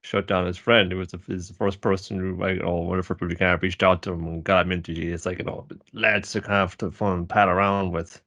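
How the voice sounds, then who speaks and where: A man co-hosting a podcast in casual chat, rambling with many fillers and jumping high in pitch when he quotes characters. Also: flat delivery, quick pace, few pauses, a bit bright, no echo. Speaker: podcast co-host.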